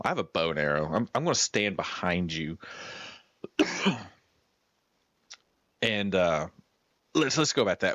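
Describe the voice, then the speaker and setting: A man casually telling a hunting story on a stream, animated and acting out what his guide said. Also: deep voice, dry recording. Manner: animated, acts out the guide's words.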